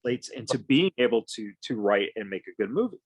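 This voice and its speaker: A man's voice: mid-range voice, big pitch swings, fast, breathy edge, no echo. A loose-talking male podcast host. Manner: loose and rambling, swears freely. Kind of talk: casual conversation.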